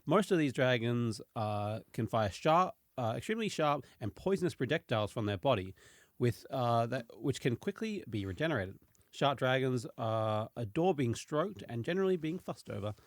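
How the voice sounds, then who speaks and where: A man's voice: mid-range voice, expressive, moderate pace, no echo, studio quality. Give me a casual male podcast host reading notes. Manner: reads notes with many fillers, laughs easily. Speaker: podcast host presenting dragon lore.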